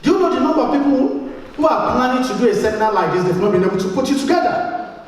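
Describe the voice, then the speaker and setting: Brief: Nigerian-accented male motivational speaker, lively and repetitive, echoey hall with long reverb. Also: very high voice, fast, distant mic. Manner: emphatic, repeats words, asks the audience questions. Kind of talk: motivational speech to a live audience. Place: large event hall.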